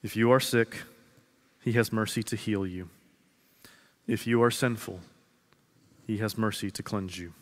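A man's voice: lowish voice, steady tone. Earnest man preaching in an echoing hall. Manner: earnest, repeats phrases slowly for emphasis, swings from loud to hushed. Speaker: pastor. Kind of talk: sermon. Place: large church sanctuary. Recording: long reverb of a large hall.

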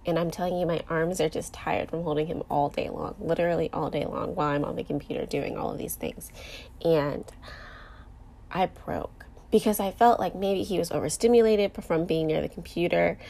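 Low-pitched, gravelly woman, candid and emotional. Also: normal speed, dark tone. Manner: candid, emotional, with many fillers. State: close to tears. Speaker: podcast host. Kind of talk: personal podcast monologue.

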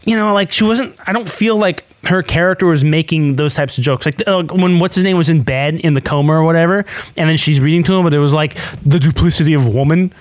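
A man's voice: a little high, quick pace, no echo. A man co-hosting a casual movie podcast, laughing often as he recaps scenes in a rambling way. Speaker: podcast co-host. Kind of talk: casual movie review chat.

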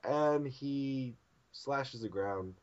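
A man's voice: medium pitch, very slow, darkish tone, smooth, lo-fi sound. A man co-hosting a podcast in casual chat, reading out manga panels and putting on the characters' lines with bursts of laughter. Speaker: podcast co-host.

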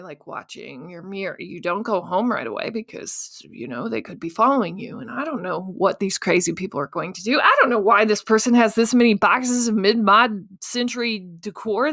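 A young woman tells a story on her podcast in a loose, casual way. She pokes fun at herself and plays out her own panicked inner voice with lively energy. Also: medium pitch. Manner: animated, self-mocking, acts out her own panicked inner voice. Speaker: podcast host.

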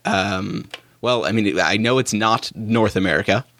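A man's voice: on the low side, a little slow, a bit bright, dry recording, clean studio sound. A man joking around as a quiz contestant in casual chat. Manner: joking, playful.

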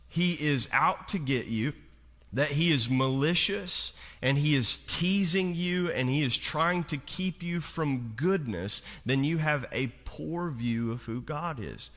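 A man's voice: fairly high pitch, a bit bright. A male pastor preaching a sermon in a church, talking to the congregation with rhetorical questions and acting out quoted voices. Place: church sanctuary. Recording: long hall reverb.

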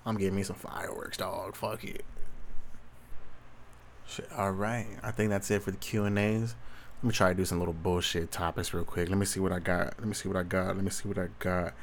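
A man's voice: deep voice, steady tone, brisk, a little hiss or hum. A young adult man, hosting a solo Q&A in a rambling, profane, slang-heavy rant. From Southern California. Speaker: solo Q&A host. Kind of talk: casual rant monologue.

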